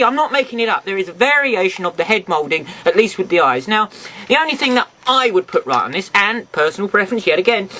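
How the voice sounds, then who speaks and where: A man with a high, bright voice reviews a toy to his camera at home. He rambles in a chatty way and keeps talking straight to his viewers. His pitch bounces around a lot as he goes. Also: rough recording. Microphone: camera mic, sometimes off camera.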